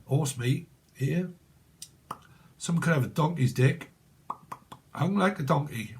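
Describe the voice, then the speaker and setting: Man, casual tarot reader, cheeky and crude, chatty mid-pitched voice. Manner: crude joking, laughs often; rambling, chatty.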